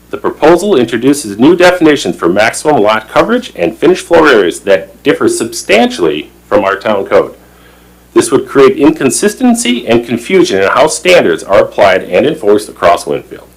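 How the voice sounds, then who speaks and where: Husky man reading a formal statement. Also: medium pitch, poor audio. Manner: formal, emphatic, stumbles over words now and then. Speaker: plan commission member. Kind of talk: reading a prepared statement at a public meeting. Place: town meeting room.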